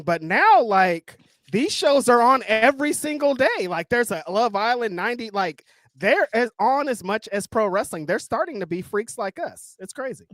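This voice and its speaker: A man's voice: very high voice, expressive, moderate pace, fairly bright tone, no room sound. A man co-hosting a wrestling stream in casual chat, teasing and blunt, swearing and laughing.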